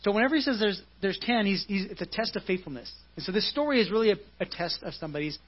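High-voiced, husky man preaching. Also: expressive, quick pace, lo-fi sound. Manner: explains scripture casually, often asks "right?". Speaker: pastor. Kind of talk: conversational sermon. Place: church service.

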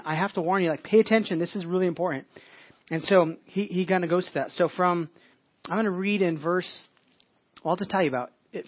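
A man's voice: fairly high pitch, no room sound, muffled recording. A man delivering a sermon as pastor, in a conversational preaching manner, with frequent restarts and casual asides.

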